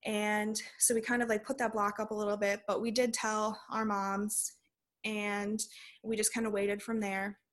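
Young woman telling her story flatly. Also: mid-range voice, normal speed. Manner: casual, many "like" fillers. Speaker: podcast guest. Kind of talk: personal storytelling.

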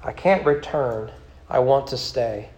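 A woman's voice: extremely low pitch, unhurried, darkish tone. A man reading a rhyming poem aloud and voicing a loyal, devoted young widow. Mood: earnest. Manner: rhyming sing-song recitation. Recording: roomy church sanctuary.

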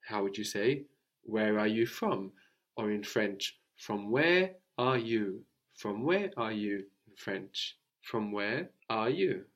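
A man teaching French to a student, explaining slowly and repeating phrases for her to copy. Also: on the low side, expressive, fairly bright tone. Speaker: language teacher.

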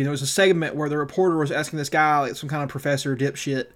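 A man co-hosting a casual podcast, ranting in a profane, animated way. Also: fairly high pitch, racing. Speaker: podcast co-host.

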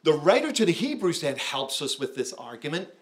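A man preaching with a voice pitched a little above the usual male range. He is emphatic, leans into key words and keeps turning to his listeners with questions to pull them along through the sermon. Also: very animated, brisk. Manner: emphatic, engaging, asks the audience questions. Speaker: pastor.

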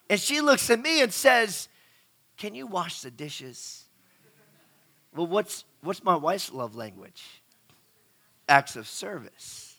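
A bit bright and sitting high, the voice belongs to a middle-aged man preaching. He speaks conversationally, asks the audience questions, and tends to repeat words.

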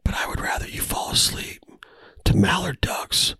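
A man whispering a slow, soothing bedtime role-play. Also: on the low side, monotone, creaky, a little mellow, husky, dry recording, voice pushed down, full character voice.

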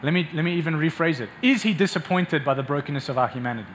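A man's voice: on the high side, rapid-fire, a little hiss or hum. A man preaching a sermon with passion, often repeating words as he builds up. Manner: impassioned, repeats words when excited.

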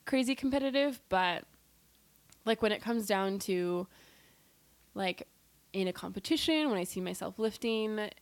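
A woman's voice: medium pitch, a bit bright, no room sound. Chatty laid-back woman, dry close sound. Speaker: guest. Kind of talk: casual chat.

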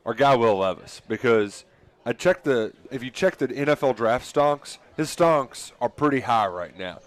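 A man co-hosting a casual sports radio show, talking in a chatty, excitable way. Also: mid-range voice, moderate pace. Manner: chatty, excitable, laughs easily.

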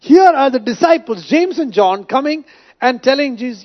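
Male pastor, high voice with swinging pitch, emphatic sermon delivery, dull lo-fi recording. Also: sing-song, fairly quick. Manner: emphatic, preaching with rhetorical questions.

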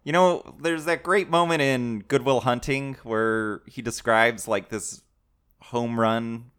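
A man's voice: mid-range voice, fairly even intonation, takes it slowly, a bit bright, smooth. A man co-hosting a casual chat, criticizing a movie in an exasperated, ranting way. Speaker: podcast co-host.

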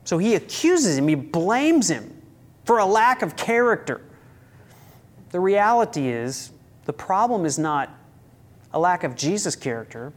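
A man's voice: high-pitched, sing-song, a little slow, pauses often. A man preaching a sermon as a pastor, emphatic, with rhetorical questions and sudden rises in his voice.

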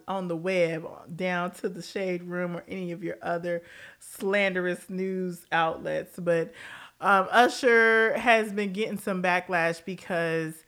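Blunt, laughing woman host. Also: fairly low pitch. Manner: blunt, profane, laughing, animated tangents. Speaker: commentary show host. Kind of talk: casual pop-culture commentary.

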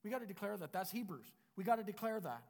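A man preaching a sermon as pastor, in an emphatic style that repeats declarations and builds to loud passages. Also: high voice, big pitch swings, fast talker, gravelly. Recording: long reverb of a church hall.

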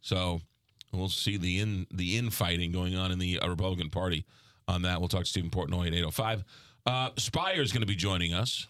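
Low, dry-voiced New York radio host. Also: male voice, fairly bright tone, no echo. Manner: halting, lots of ums and uhs. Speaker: radio morning show host. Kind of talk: casual on-air chat.

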